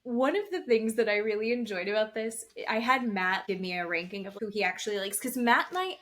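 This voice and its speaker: A woman's voice: medium pitch, a little fast, fairly bright tone. A woman co-hosting a podcast, chatting casually about a reality show, swearing and acting out what the cast said. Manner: chatty, swears, acts out quotes in retelling. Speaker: podcast co-host. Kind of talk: casual chat recapping reality TV.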